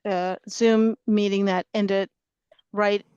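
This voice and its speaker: A woman who is sick and tired opens a remote public meeting over a video call, talking haltingly with many fillers and restarts. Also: mid-range voice, level tone, highs cut off, noisy background. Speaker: commission member opening a public meeting.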